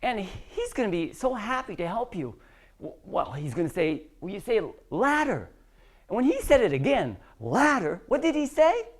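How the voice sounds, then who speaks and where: A woman's voice: mid-range voice, normal speed. A woman teaching English to a class, acting out little dialogues with lots of emphasis. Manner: animated, emphatic, acts out dialogues. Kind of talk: classroom lesson.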